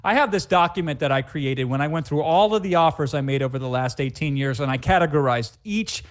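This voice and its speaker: A man presenting a live webinar sales pitch as a sales trainer, emphatic and hype-driven, rattling off repetitive lists. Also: brisk.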